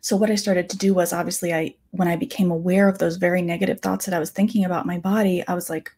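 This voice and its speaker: A woman in her thirties hosting a podcast, talking in an earnest, confiding way and slowing down to stress her points. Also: lowish voice, fairly even intonation, dark tone, husky. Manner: earnest, confiding, slows down for emphasis. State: close to tears at times. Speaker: podcast host. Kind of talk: reflective personal talk.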